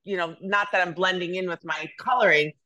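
A woman's voice: lowish voice, brisk. Chatty woman guest telling stories. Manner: chatty storyteller, many restarts, animated. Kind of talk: casual chat.

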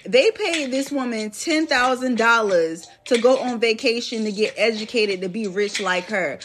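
A woman's voice: on the high side, noisy background. A young woman hosting a podcast, ranting bluntly in casual slang-filled chat. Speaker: podcast host.

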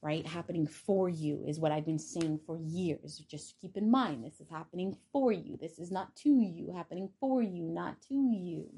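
A woman with a slightly low voice talks straight to her viewers in a casual spiritual monologue. She is blunt and defiant, and she swears freely as she makes her points. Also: normal speed, few pauses, mellow. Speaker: vlogger.

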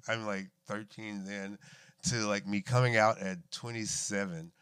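A man's voice: lowish voice, steady tone, unhurried, a bit bright, clean tone, dry recording. A man in his thirties, a guest casually telling stories from his life, swearing freely and laughing as he talks. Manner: laid-back, swears often, laughs through stories. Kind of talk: casual storytelling chat.

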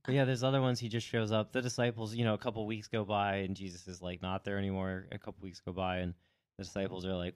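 A man with a low, smooth voice, retelling an old story in loose casual chat. He rambles and keeps slipping into quick voiced asides. The sound is dry and close, with no room in it. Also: level tone, no room sound.

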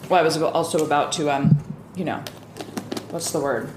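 A woman's voice: deep voice, steady tone, moderate pace. A woman co-hosting a podcast in casual chat, talking while she eats in a small home kitchen. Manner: chatty, talks while eating, with mouth full. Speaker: podcast co-host. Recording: echoey room with faint ambient noise.

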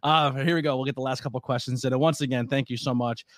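A man's voice: mid-range voice, steady tone, fast, no echo, clean studio sound. A man hosting a podcast, chatting casually with a guest and telling stories with a laugh. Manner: laughing, storytelling with quoted voices. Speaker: podcast host. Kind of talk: casual interview chat.

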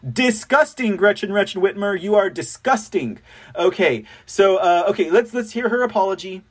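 A man's voice: high-pitched, expressive, normal speed, husky. A man hosting a political commentary show, talking in a scornful, mocking way and repeating words for emphasis. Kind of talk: opinionated commentary.

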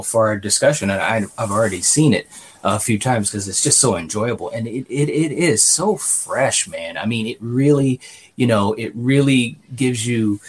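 Here a man co-hosts a podcast, wandering loosely through a movie review with plenty of fillers and repeated "you know"s. His mid-range voice is slightly rough.

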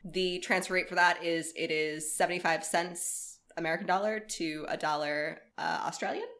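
A woman co-hosting a podcast in casual chat, excitable and exclamatory, swearing a lot. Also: lowish voice, normal speed. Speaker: podcast co-host.

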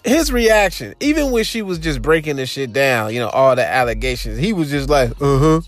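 A man's voice: mid-range voice, lively intonation, fairly quick, faint music behind. A young man with an African American Vernacular English accent, hosting a show in loose, profane casual commentary with laughing asides. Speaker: podcast host.

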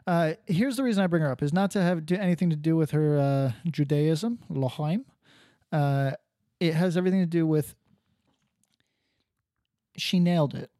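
A man co-hosting a podcast talks in a loose, rambling way, with sardonic asides and plenty of swearing. His voice sits a little high for a man. The sound is close and dry, with no room echo. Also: normal speed, pauses often, mellow. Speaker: podcast co-host. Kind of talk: casual podcast chat.

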